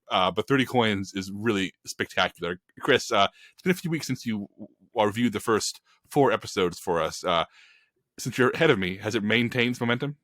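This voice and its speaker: A man on a film podcast panel, ranting in an animated, emphatic and opinionated way in casual chat. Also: fairly low pitch, fairly quick, no echo, studio quality.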